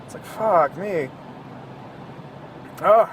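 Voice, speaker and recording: Man, high voice, casual rambling monologue, profane, sarcastic, joking, talking from a moving car, faint road hum. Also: lively intonation, drawn-out words. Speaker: podcast host.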